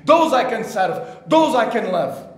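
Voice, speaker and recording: High-voiced man preaching in an echoey church. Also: very animated, measured pace. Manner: preaching with rhetorical questions, swinging between hushed and raised. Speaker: pastor. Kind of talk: sermon. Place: church service hall.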